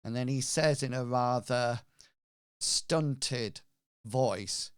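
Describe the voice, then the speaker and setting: A man narrating a tabletop game as game master, slow and halting with fillers. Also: medium pitch, smooth, no room sound, studio quality.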